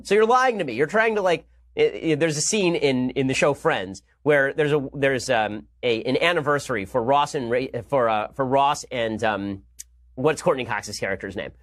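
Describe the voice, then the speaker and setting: A man in his thirties hosting a political podcast, delivering a fast, sarcastic, argumentative monologue. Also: mid-range voice. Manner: rapid-fire, sarcastic, argumentative. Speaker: political commentator and podcast host.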